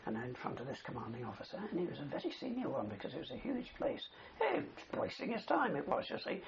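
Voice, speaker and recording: Gravelly older man reminiscing. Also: on the high side, huge pitch swings, fast talker, a crowd in the background. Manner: rambling storyteller with many "you see" tags. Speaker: interviewee, war veteran. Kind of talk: oral history reminiscence. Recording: dull older recording with faint hiss.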